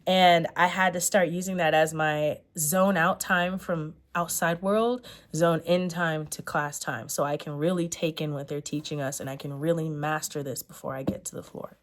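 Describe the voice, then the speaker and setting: A young woman in a relaxed sit-down vlog, her voice sitting a touch low. She rambles earnestly, circling back and fixing her words as she goes. It sounds like she is thinking out loud. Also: normal speed, few pauses. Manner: rambling, earnest, self-correcting with many fillers. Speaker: vlogger. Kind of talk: sit-down reflective chat.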